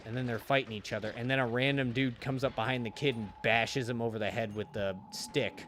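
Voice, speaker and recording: A man's voice: mid-range voice, steady tone, fairly quick, a bit bright, a little hiss or hum. A man streaming a game and chatting casually, retelling a story in a rambling, profane way full of restarts. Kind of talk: casual chat while gaming.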